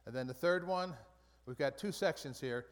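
A man leading a Bible study group in a relaxed, conversational way, often restarting and repeating phrases. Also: on the high side, moderate pace. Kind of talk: casual Bible study teaching. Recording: long reverb from a large room.

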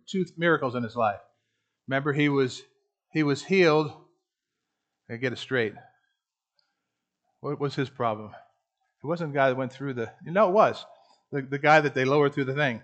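A man's voice: medium pitch, fairly bright tone. A man leading a Bible study class, teaching in a conversational way and asking the group questions. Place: room with a class.

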